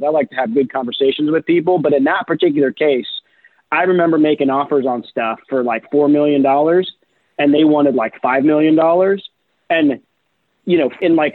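A man telling career stories in a loose interview, chatty and animated, with lots of "you know" and "right". His voice sits a little high for a man. It comes through a thin, phone-like line with a dry sound. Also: no room sound. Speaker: guest, real estate investor. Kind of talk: casual interview storytelling.

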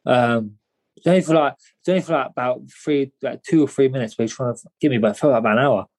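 A man's voice: mid-range voice, fast talker, darkish tone, low-quality recording. A young man, telling a story as an interview guest in a rambling, slangy way, often repeating his words. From England. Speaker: guest, boxer.

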